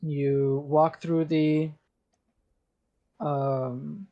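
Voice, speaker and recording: A man's voice: on the high side, flat delivery, lo-fi sound. A man narrating as game master for a tabletop role-playing game, loose and full of fillers. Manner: slow, loose narration with many fillers and restarts.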